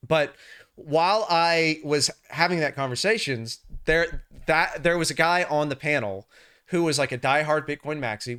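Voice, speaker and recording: A man's voice: a little high, fairly bright tone, smooth. A man hosting a casual livestream, talking about the markets in a chatty, rambling way with many restarts. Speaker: livestream host.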